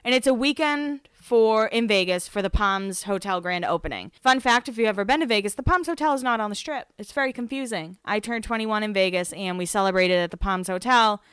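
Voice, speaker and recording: A woman's voice: mid-range voice, brisk, hardly any pauses, fairly bright tone, clean tone, no room sound, clean studio sound. A woman in her thirties hosting a podcast, chatting casually and recapping a show, with lots of "like" and restarts. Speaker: podcast host.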